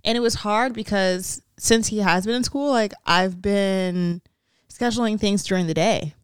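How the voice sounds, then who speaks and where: A woman's voice: mid-range voice, a little slow, clean tone, dry recording, clean studio sound. A pregnant young woman co-hosting a podcast, chatting candidly about her week and laughing often. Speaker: podcast co-host. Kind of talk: casual chat.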